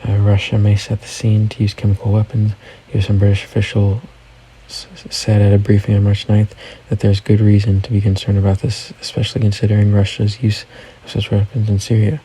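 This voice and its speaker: A man's voice: fairly low pitch, monotone, brisk, mellow, breathy edge, low-quality recording. A man hosting a casual news recap, reading headlines and adding offhand personal comments. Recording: faint background noise.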